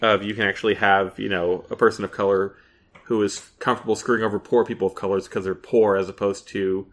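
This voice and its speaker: A man co-hosting a podcast in casual chat, thinking out loud and restarting his sentences. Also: fairly low pitch, flat delivery, fast talker. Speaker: podcast co-host.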